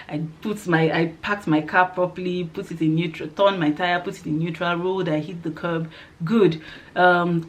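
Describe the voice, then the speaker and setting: Brief young woman, lowish voice, casual vlog storytelling, laughs a lot, slips into hushed asides. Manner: animated, laughs often, drops to a soft near-whisper. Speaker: vlogger.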